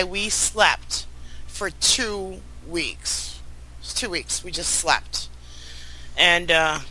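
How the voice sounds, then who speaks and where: Middle-aged woman, very bright voice, earnest emotional storytelling, stumbles and restarts. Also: medium pitch, poor audio. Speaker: guest. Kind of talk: personal storytelling.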